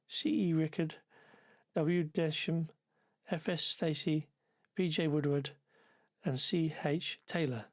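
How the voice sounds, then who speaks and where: A man's voice: mid-range voice, darkish tone, no echo. A man, ill with covid, narrating a travelogue in a dry, sardonic, wordy manner. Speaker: travel vlogger.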